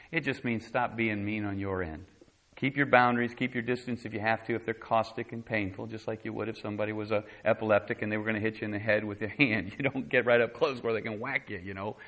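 A man's voice: mid-range voice, pushed and bright, poor audio. A man preaching a sermon as pastor, talking conversationally and voicing quotes dramatically.

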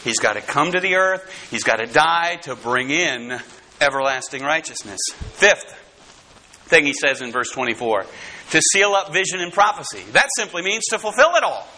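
A man preaching a sermon to his congregation, dramatic, swinging from loud emphasis to hushed tones. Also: a little high, expressive, moderate pace, poor audio. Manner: speaks straight to the congregation.

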